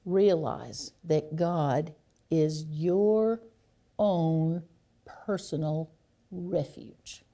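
Woman, sermon, lower pitch, mellow tone, reflective, hushed emphasis. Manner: slow, reflective, drops to a hush on key phrases. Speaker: preacher.

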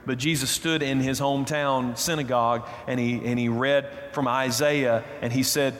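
A man's voice: medium pitch, a bit bright. A man preaching a sermon as pastor, emphatic and repeating his key phrases. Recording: reverberant hall, roomy echo.

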